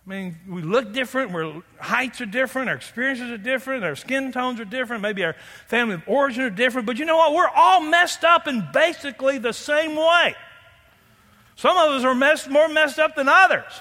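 Fairly quick and very high-voiced, a pastor preaches from the pulpit with a bright, animated, playful delivery. He invites the congregation in through questions, and his sermon rings with the long reverb of a large church hall.

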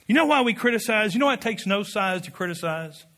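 A man preaching a sermon with passion, building to loud peaks and dropping to quiet asides, leading the congregation in call-and-response. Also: high-pitched, lively intonation, fast. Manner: impassioned, rising to shouted peaks, drops to quiet asides. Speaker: pastor.

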